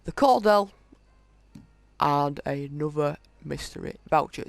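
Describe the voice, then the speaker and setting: A man hosting a gaming video, casually reading through a list of in-game items with many halting fillers. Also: a little high, vocal fry, no room sound. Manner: reads off item lists, halting with frequent fillers. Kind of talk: casual game walkthrough commentary.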